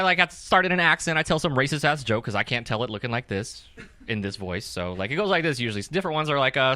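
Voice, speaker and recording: A young adult man from California doing stand-up comedy at an open mic, energetic and profane, often checking with the crowd. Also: medium pitch, fast, slight background noise. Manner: energetic, profane, keeps asking the crowd "right?".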